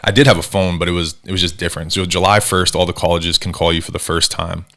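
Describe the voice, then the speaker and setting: A man's voice: sits low, fast talker. A man in his thirties from New Jersey, a podcast guest telling stories casually and acting out the people he quotes. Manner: animated, acts out quoted voices. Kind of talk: casual storytelling interview.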